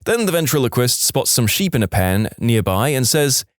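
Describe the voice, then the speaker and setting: A man's voice: medium pitch, very animated, moderate pace, no room sound. Podcast guy telling jokes, mid voice all over the place, super dry mic. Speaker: podcast host. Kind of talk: reading jokes aloud.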